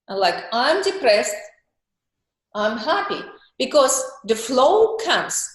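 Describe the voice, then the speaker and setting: Slow, earnest woman coach in an echoey room. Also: medium pitch. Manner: slow, earnest, acts out emotions in little voiced monologues. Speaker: group call coach. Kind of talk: coaching talk on a group call. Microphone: video call.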